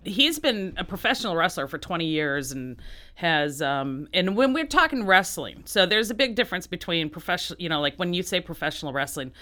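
A woman artist answering interview questions, halting with many restarts and often laughing. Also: on the low side, sing-song, pushed and bright. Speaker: artist, guest. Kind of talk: interview conversation.

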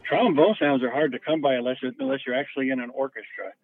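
A man being interviewed, talking casually and haltingly, often repeating his words. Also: mid-range voice, faint music behind. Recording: tinny phone-like line.

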